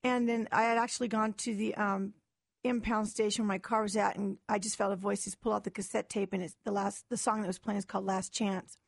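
A young adult woman giving her personal testimony as a guest in a talk-show interview, animated and acting out quoted dialogue. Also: mid-range voice, fairly quick, vocal fry, no room sound.

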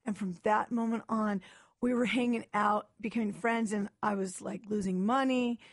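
A young adult woman giving her personal testimony as a guest in a talk-show interview, animated and acting out quoted dialogue. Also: mid-range voice, moderate pace, dry recording.

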